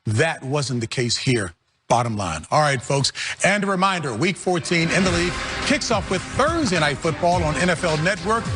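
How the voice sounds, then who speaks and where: Smooth-voiced male studio host. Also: a little high, animated, music in the background. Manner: smooth, measured segment transitions. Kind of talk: broadcast studio hosting.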